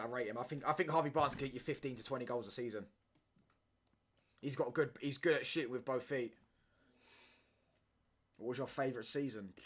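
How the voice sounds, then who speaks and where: A young man streaming a football watchalong and bantering with viewers in slangy, animated casual chat. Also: medium pitch. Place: home streaming setup.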